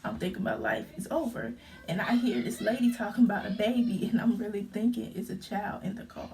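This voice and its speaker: A young woman retelling a frightening car crash in a casual storytime vlog, halting and full of fillers as she holds back tears. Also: medium pitch, lively intonation, darkish tone, distant mic. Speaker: vlogger.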